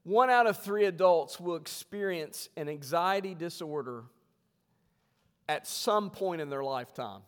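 This pastor's voice sits a little high, and it echoes through the church hall as he preaches. He keeps things loose and funny, talking conversationally, then reads scripture slowly and emphatically.

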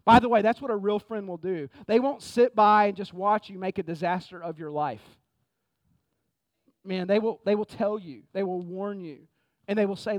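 A man preaching a sermon in a conversational, energetic way, often saying "man". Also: sits high, moderate pace, long pauses, dry recording. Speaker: pastor. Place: church sanctuary.

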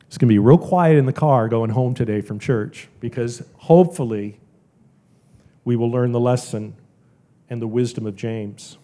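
A man preaching a sermon in church, earnest and emphatic, his voice rising and falling sharply in loudness. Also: medium pitch, moderate pace. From American South. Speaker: pastor.

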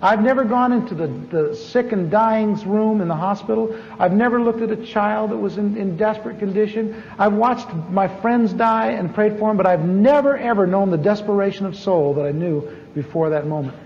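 A man preaching a sermon as a story, animated and acting out the voices of the people in it. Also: normal speed, few pauses. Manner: animated, acts out dialogue with big pitch swings. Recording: echoey hall, dull lo-fi sound with faint noise.

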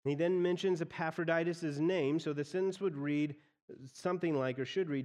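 A man's voice: a little high, steady tone, moderate pace, a little mellow, in a large hall. A man preaching an expository sermon as pastor, often repeating phrases as he explains a text.

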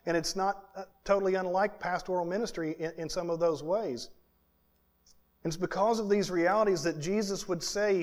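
A man preaching a sermon as pastor, earnest and building his points in lists and repetitions, sometimes dropping to a hushed tone. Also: high-pitched, fairly even intonation, normal speed.

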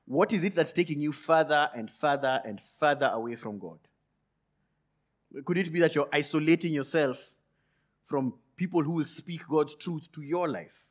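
A male pastor preaching a sermon, swinging from loud emphatic peaks to low quiet asides and acting out quick grumbling lines. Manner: acts out Jonah's grumbling thoughts in quick asides.

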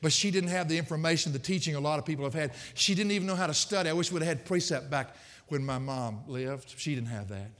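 A male preacher delivering a sermon, telling folksy stories with humorous asides. His voice sits a little high and rings bright and forceful. A long church reverb trails every phrase. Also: fast. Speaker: pastor. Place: church sanctuary.

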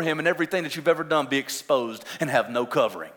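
A man's voice: medium pitch, expressive, fast talker, hardly any pauses, a bit bright. A young adult man preaching a sermon as pastor, impassioned and drawing the congregation in. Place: church. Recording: long reverb of a church hall.

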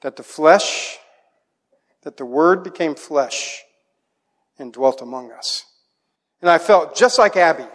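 Middle-aged male pastor, high voice, animated storyteller, big reverberant church sound. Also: slow, long pauses. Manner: animated storytelling, acts out a child's voice in quotes. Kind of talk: sermon with personal stories. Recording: long hall reverb.

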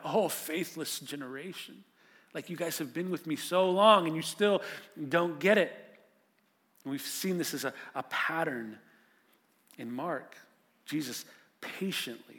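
Male pastor, middle pitch, sermon storytelling that moves between urgent and hushed. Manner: vivid storytelling, swinging from loud and urgent to hushed. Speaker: preacher.

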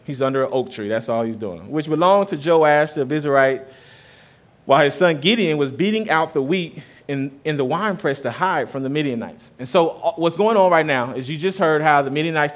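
A man in his thirties, a pastor giving a sermon in a conversational way, mixing scripture with stories about his kids. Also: a little high. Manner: conversational preaching with personal stories, rising and dropping loudness.

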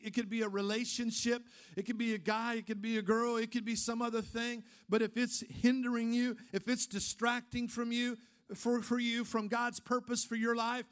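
High-voiced man preaching a sermon. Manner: emphatic preaching with rhetorical questions. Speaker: pastor.

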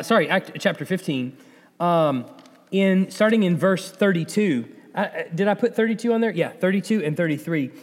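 A man preaching a sermon in a conversational, animated way, often acting out the voices of the people in the story. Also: high-pitched, long reverb tail. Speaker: pastor.

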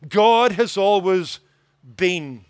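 A man's voice: high-pitched, drawn-out words, smooth, no echo. A man preaching a sermon as pastor, earnest and emphatic, building points through rhythmic repetition.

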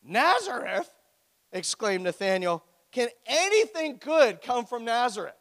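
A man's voice: very high-pitched, big pitch swings, normal speed, fairly bright tone, smooth. A man preaching a sermon as pastor, with a joking, conversational storytelling manner. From Ontario, Canada. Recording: echoey hall.

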